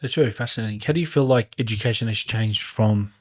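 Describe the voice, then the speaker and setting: Man, podcast host, conversational, lowish voice. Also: fast. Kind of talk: podcast interview.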